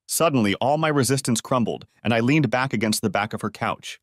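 A man's voice: mid-range voice, a little fast, few pauses, dry recording, studio quality. A man narrating a first-person audiobook story in a dramatic, emotive reading.

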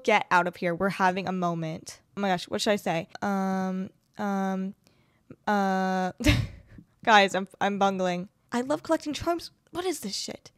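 A woman's voice: medium pitch, measured pace, smooth, dry recording, studio quality. A woman in her twenties giving casual gameplay commentary, chatty and sarcastic, with casual swearing. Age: 20s. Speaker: gaming video creator.

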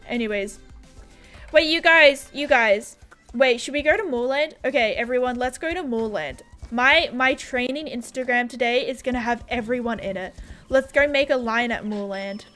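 Bubbly high-voiced Australian woman streamer. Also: moderate pace, a bit bright, soft background music. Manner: bubbly, scattered, giggly, lots of "like". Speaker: game streamer. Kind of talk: casual livestream chat, reading viewer comments.

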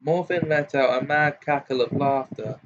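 A man reading a storybook aloud in an unhurried, steady narration, in a muffled home recording. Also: medium pitch, background noise. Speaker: audiobook reader.

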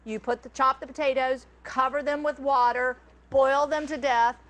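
A Southern American woman hosts a cooking class in a high, bright-sounding voice. She is chatty and animated and tells stories between steps. She speaks into a clip-on mic. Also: normal speed. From Georgia, American South. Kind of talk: casual cooking class chat.

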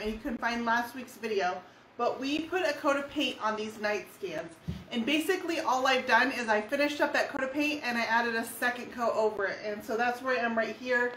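A woman's voice: on the high side, pushed and bright, far from the mic, a little hiss or hum. A woman from California, teaching furniture painting live, explaining each step in a chatty, friendly way. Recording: echoey room.

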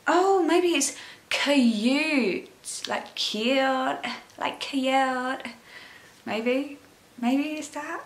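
A woman's voice: high voice, very slow. A young woman doing a casual makeup tutorial, chatting in a rambling way and gushing over the products. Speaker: beauty vlogger. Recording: echoey room.

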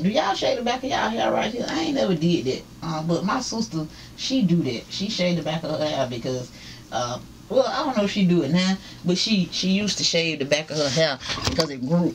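A woman's voice: deep voice, slight background noise. A woman chatting casually to camera at home, calling her viewers y'all. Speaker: vlogger. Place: room at home with ceiling fan.

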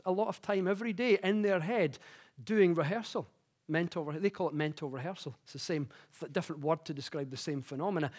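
A man speaks from a conference stage with a high, light voice. He explains ideas plainly, then slips into chatty, self-mocking stories told with growing energy. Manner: chatty, self-mocking storytelling that grows animated. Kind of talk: public talk with personal anecdotes. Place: conference stage before an audience.

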